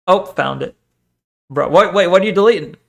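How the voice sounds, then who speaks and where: A man's voice: sits high, creaky. A man streaming and chatting casually, reading chat, swearing often and rambling between topics.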